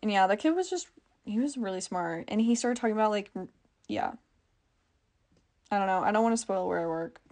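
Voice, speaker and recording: A teenage girl talks casually on her own podcast, her voice sitting at an ordinary height with a steady gravelly fry. She rambles, keeps saying "like" and corrects herself as she goes. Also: medium pitch, fairly quick, pauses often. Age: teens. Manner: chatty, full of "like" and self-corrections. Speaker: podcast host. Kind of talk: casual chat.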